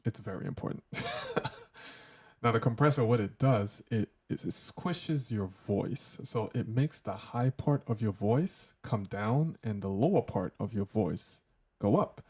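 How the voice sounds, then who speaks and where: A man with a low, gravelly voice walks through his gear settings in a loose, joking way. His tone is husky and mellow as he runs casual mic checks for a hands-on tutorial. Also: animated, a little slow. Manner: loose, joking, talks through settings while testing them. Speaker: tech tutorial host.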